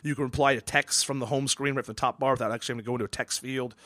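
A man's voice: mid-range voice, steady tone, very fast, bright, forceful tone, no echo. A man hosting a casual podcast chat, rambling and swearing with many stammered restarts. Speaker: podcast host.

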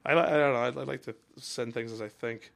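A man's voice: mid-range voice, fairly even intonation, gravelly, a bit bright, no room sound, clean studio sound. A man co-hosting a podcast in casual banter, ranting and swearing freely. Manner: fast, profane, ranting. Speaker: podcast co-host.

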